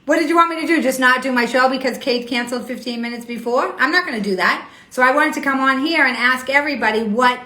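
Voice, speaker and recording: Host type: bright, rather high woman, riled up, defending herself to viewers in an echoey room. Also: quick pace, few pauses. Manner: indignant, argumentative, repeats herself. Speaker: host of a weekly live show. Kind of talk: Instagram live stream, reading and answering comments.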